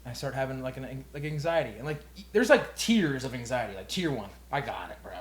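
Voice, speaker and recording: A young man co-hosting a podcast, telling a story in a casual, comedic way. He talks with animated delivery, lots of swearing and laughter. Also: medium pitch, fairly quick. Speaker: podcast co-host. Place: quiet room.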